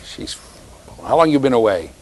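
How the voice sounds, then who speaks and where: Lively, teasing male lecturer. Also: mid-range voice, moderate pace, slight background noise, rough recording. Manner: animated, teasing, keeps checking in with "right?". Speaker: university lecturer. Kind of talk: classroom lecture. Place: lecture classroom.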